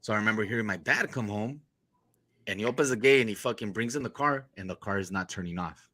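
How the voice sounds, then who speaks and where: Bright-voiced man telling stories. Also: lowish voice, fast talker, dry recording. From Los Angeles area. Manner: profane, laid-back slang. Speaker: podcast host. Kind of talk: casual storytelling.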